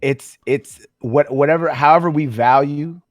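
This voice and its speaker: A man's voice: on the high side, no room sound, lo-fi sound. Guy chatting loose on a podcast, keeps restarting his sentences, dry close sound. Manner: halting, restarts often, quotes himself with slangy asides. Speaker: podcast host. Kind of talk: casual chat.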